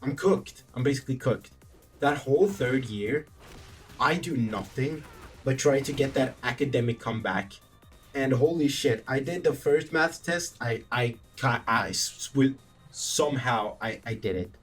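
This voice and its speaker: Animated young man telling a story. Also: mid-range voice, unhurried. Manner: animated, profane, rambling with self-corrections. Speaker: vlogger. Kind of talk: casual storytelling vlog. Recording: distant mic, faint background music.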